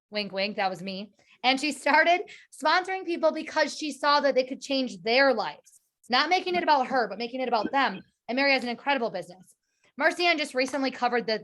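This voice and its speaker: A woman who leads a direct sales team gives an energetic, earnest motivational speech on a video call, often repeating words and restarting. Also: high-pitched.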